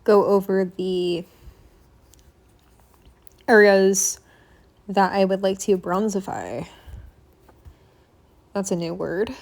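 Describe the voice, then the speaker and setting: A woman's voice: mid-range voice, takes it slowly, pauses often, a little mellow. A young woman in a casual home voice-over for her makeup tutorial, chatty and rambling with lots of fillers, sounding slightly out of breath. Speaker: makeup vlogger. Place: home apartment room.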